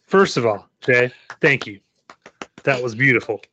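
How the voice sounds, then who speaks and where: A man's voice: mid-range voice, expressive, measured pace, bright, forceful tone, dull audio, slight background noise. A man hosting a casual podcast, chatting playfully and reading a story aloud in a theatrical way. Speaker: podcast host.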